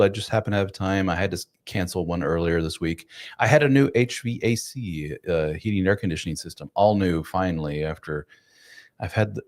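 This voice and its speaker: A man hosting a casual live stream from home, chatting loosely with viewers in a self-deprecating way. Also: sits low. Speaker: live stream host, men's coach. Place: home room.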